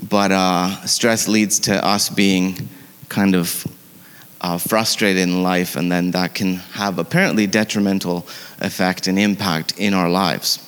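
A man's voice: sits low, fairly even intonation, a little slow, a bit bright, clear, resonant tone. A man giving a conversational sermon, with frequent fillers and self-corrections. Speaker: preacher. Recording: long church hall reverb.

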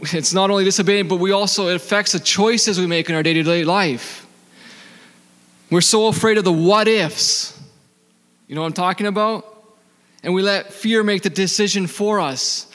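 Higher-voiced man preaching in a hall. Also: fairly bright tone. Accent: non-native accent. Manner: asks the audience questions and answers them; reads scripture slowly. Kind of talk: sermon.

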